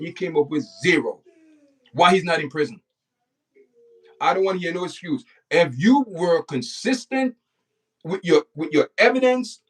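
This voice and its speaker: Man as livestream host, preachy and indignant, slightly raised pitch, a little off the mic. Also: far from the mic. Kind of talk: opinionated livestream commentary.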